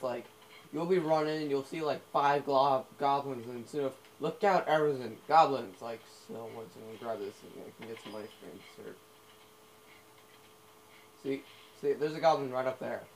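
A young man rambles through his gameplay commentary in a gravelly, creaky voice, stacking up fillers as he goes. The recording is noisy, with a steady hiss beneath his talk. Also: medium pitch, moderate pace. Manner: rambling, filler-heavy, easily sidetracked. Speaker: gamer.

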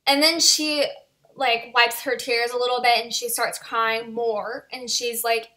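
A woman's voice: a little high, steady tone, slow, bright, forceful tone. A woman in her twenties telling a story in a casual vlog, chatty and full of "like" and "you know". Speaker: vlogger.

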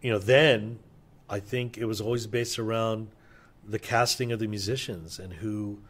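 A man's voice: on the low side, fairly even intonation, moderate pace, a bit bright. A middle-aged man, a session drummer, telling stories casually in an interview, loose and enthusiastic with plenty of fillers and swearing.

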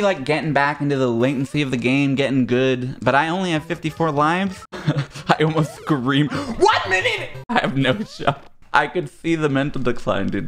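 A man's voice: a little high, a bit bright. A young man giving casual, self-mocking commentary while playing a platform game, yelping and swearing at his failures. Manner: sarcastic, self-mocking, yelps at fails. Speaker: gaming streamer.

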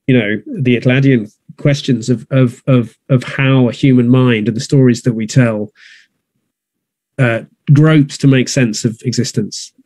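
A man in a conversational interview, speaking thoughtfully at a middle pitch. He often restarts his sentences and circles back to reach his point. The sound is dry and close. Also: steady tone, unhurried, darkish tone, dry recording. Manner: thoughtful, many restarts and fillers. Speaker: theatre producer. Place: north of England.

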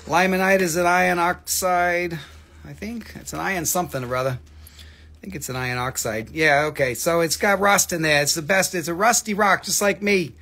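A middle-aged man with a Southern American accent, his voice pitched noticeably high. He rambles excitedly and swears freely as he hosts a live sale. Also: moderate pace. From Southern United States. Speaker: host selling rocks. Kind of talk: live sales stream chat.

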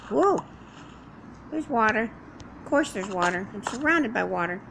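A woman's voice: fairly high pitch, animated, unhurried, gravelly, noisy background. A woman doing in-character survival roleplay commentary while playing, rambling to herself and chatting to the animals around her. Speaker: game roleplayer.

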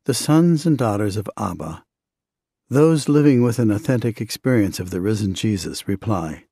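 Husky man reading a devotional book. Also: lowish voice, expressive, dark tone, no echo, clean studio sound. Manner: measured, earnest reading. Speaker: audiobook narrator. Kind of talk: scripted first-person narration of a devotional book.

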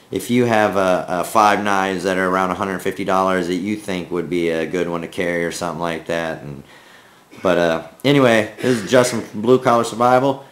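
A man with a Minnesotan accent, raised in the American South, hosting a casual knife vlog in a rambling, folksy way with lots of fillers. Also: sits low. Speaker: knife review channel host.

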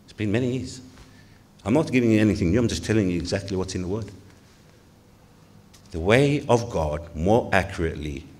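A male pastor from Tonga preaches a sermon in church with a lowish voice. He sounds earnest and keeps putting questions to the congregation. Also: animated, brisk, pauses often, a little mellow.

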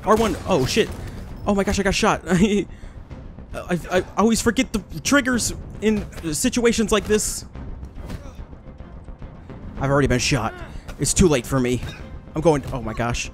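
A young man casually commentating a video game as he plays, excitable, laughing often and swearing at the screen. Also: high voice, unhurried, pauses often, faint music behind. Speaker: gaming YouTuber. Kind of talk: casual let's-play commentary.

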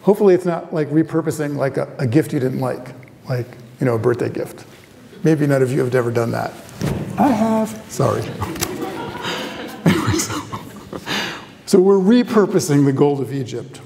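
A man's voice: mid-range voice, lively intonation, normal speed, gravelly, dark tone, long reverb tail, slight background noise. A man giving a university lecture as a guest theology professor, conversational and often asking the audience questions. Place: lecture hall with a live audience.

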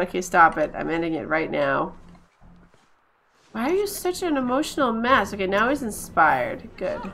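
A woman's voice: mid-range voice, creaky, a bit bright, a little hiss or hum. A young woman giving casual let's-play commentary, chatty and giggly, talking to the characters on screen. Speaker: gameplay commentator.

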